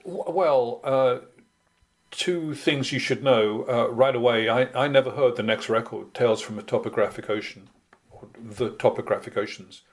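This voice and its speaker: A man's voice: mid-range voice, normal speed. A man from Britain, a guest musician in a casual interview, telling anecdotes in a wry, self-deprecating way.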